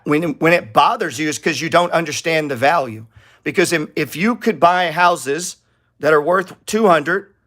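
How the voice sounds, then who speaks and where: Middle-aged man, trading channel host; blunt, profane, loose and rambling. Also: a little high. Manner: blunt, profane, rambling, gets heated and louder. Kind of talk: casual trading talk to viewers.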